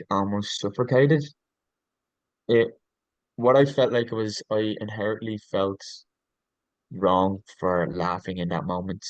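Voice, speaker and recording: A man guesting on a podcast talks in a low register, earnest and reflective. He gropes for words, with frequent ums and restarts. The sound is close and dry, with no room around it. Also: dry recording, poor audio. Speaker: podcast guest, leadership coach.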